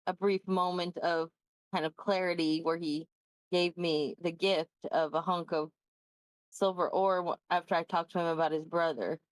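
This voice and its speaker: A woman taking part in a tabletop game who talks in a thoughtful, halting way. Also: on the low side, no room sound, rough recording. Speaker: player.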